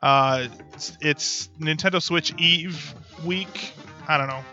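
A man's voice: fairly high pitch, slow pace, bright, forceful tone, faint music behind. A man hosting a casual podcast, rambling and jokey, often correcting himself mid-sentence. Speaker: podcast host. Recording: dull lo-fi podcast audio.

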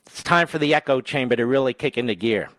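A man hosting a political talk radio show, emphatic, jumping between loud rising outbursts and low asides into a studio microphone. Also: fast talker, no echo.

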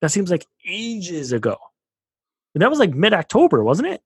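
Husky-voiced man co-hosting a podcast. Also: high voice, wildly swooping pitch, moderate pace, a little mellow, dry recording. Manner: laughs often, chatty with filler words. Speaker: podcast co-host. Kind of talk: casual sports podcast chat.

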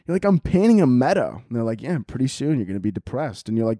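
A man riffs loosely on a comedy podcast, swearing freely and cracking himself up as he rambles. His voice sits at an ordinary pitch for a man. The recording is dry and close, with no room sound. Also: lively intonation, moderate pace, dark tone, no echo. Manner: profane, rambling, laughs at own jokes. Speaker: podcast host. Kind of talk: casual comedic rant.

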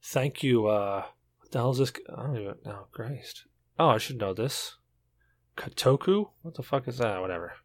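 A man's voice: medium pitch, lively intonation, normal speed. A tipsy man co-hosting a podcast, rambling through a long joke with many restarts. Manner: rambling, self-interrupting, tipsy storytelling. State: drunk. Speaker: podcast co-host. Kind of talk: casual chat, telling a joke.

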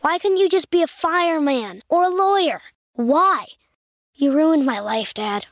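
A woman's voice: high voice, lively intonation, unhurried, no echo. A woman voicing an embarrassed girl who complains dramatically about her dad's job in a scripted ad. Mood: aggrieved. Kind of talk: scripted radio ad. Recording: dry studio sound.

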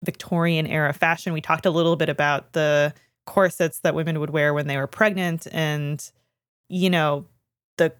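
A woman's voice: sits low, steady tone, moderate pace, dry recording, studio quality. Teasing, laughing woman co-host. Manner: laughing, teasing, reads listener submissions. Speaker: podcast co-host. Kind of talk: casual chat.

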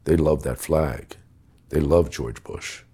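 A man's voice: rumbling low, slow, warm tone, breathy edge. A middle-aged man telling a story in conversation, blunt, emphatic and full of swearing. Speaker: guest recounting his time as a police official.

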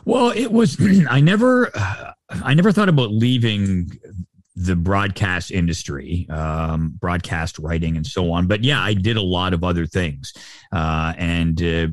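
A middle-aged man with a Canadian accent and a very deep voice talks in a loose, rambling way, full of fillers and restarts. His voice sounds dry and close to the mic. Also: lively intonation, measured pace, dry recording. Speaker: sportscaster guest. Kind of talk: casual interview chat.

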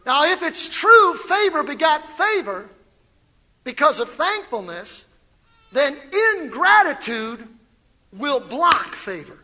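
A man preaching a fiery sermon as pastor, building from quiet reading to shouted calls. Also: extremely high pitch, big pitch swings, slow.

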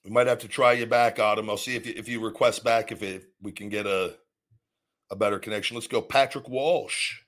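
A man's voice: on the low side, fairly even intonation, brisk, fairly bright tone. A man hosting a call-in show, telling stories bluntly and swearing freely. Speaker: podcast host taking callers. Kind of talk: casual profane storytelling.

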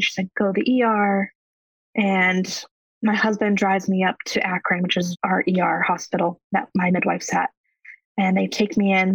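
A woman in her thirties, a guest on a podcast, telling her personal story in an emotional and halting way. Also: medium pitch, creaky, husky, dry recording. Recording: dry, dull lo-fi audio.

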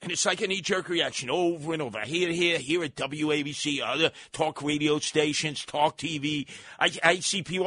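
A man's voice: a little high, brisk, bright, forceful tone, slight background noise. A man hosting a talk radio show, delivering a combative, sarcastic rant and mocking the people he talks about. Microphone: radio studio microphone.

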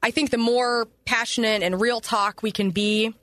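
A woman's voice: a little high, no room sound. A woman radio personality from St. Louis, chatting casually and animatedly as a podcast guest. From St. Louis, USA. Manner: animated, chatty, quick asides.

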